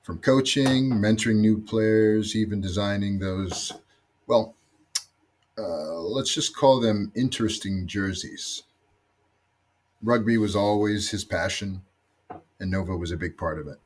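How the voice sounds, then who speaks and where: Husky low-voiced man giving a tribute. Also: a little slow. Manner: reflective, gently storytelling, voice dropping low at phrase ends. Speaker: former rugby teammate giving a tribute. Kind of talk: recorded memorial tribute.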